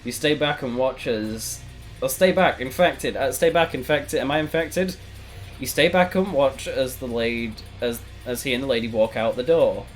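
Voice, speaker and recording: A man streaming a text adventure game, reading it aloud and reacting with sudden loud outbursts. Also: mid-range voice, normal speed. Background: faint background music.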